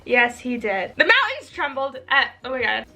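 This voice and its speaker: A woman's voice: sits high, very animated, normal speed, over music. A young woman vlogging casually about a book she is reading, gushing, emotional and breathless as she talks.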